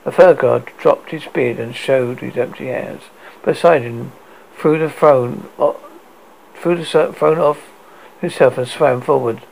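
Gravelly man reading a story aloud. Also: medium pitch, a little slow, a little mellow, low-quality recording. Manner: stumbling, frequent restarts.

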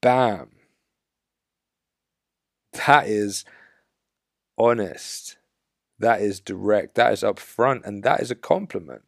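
A man with a low, gravelly voice delivers blunt dating advice at an unhurried pace. He speaks assertively and with emphasis, like a coach. The sound is dry and close, with no room echo. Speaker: dating coach podcast host. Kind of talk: podcast monologue giving dating advice.

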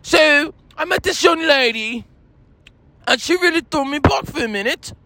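A man voicing a boastful, touchy self-styled British gentleman with a put-on British accent, lecturing haughtily and breaking into shouted rants in a comedy sketch. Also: very high voice, expressive, normal speed, dry recording, exaggerated voice, low-quality recording. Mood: haughty. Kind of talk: comedy sketch character monologue.

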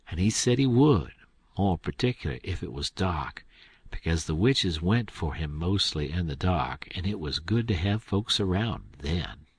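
A man's voice: sits low, husky, dry recording. A man reading an audiobook aloud in first person, with an easygoing, folksy storytelling drawl. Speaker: audiobook narrator.

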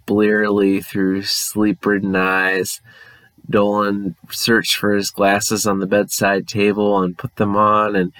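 Wry low-voiced man telling a story. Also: a bit bright, dry recording, rough recording. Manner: wry, quick narration. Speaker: podcast host. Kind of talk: comic storytelling narration.

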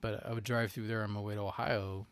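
Rambling, playful man, lowish dry voice. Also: level tone, quick pace, smooth, no room sound. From North Carolina. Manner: rambling, full of "like" and "you know"; laughs easily, playful. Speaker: podcast co-host. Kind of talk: casual chat.

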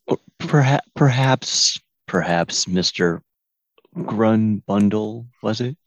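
A man playing a tabletop game, talking haltingly with many fillers, sometimes wryly in character. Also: deep voice, animated, no echo. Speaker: player. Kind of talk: tabletop role-play.

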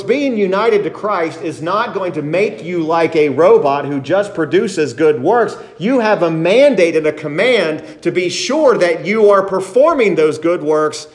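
Man preaching an emphatic sermon. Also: a little high. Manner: emphatic preaching, reads scripture aloud, repeats for emphasis. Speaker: pastor.

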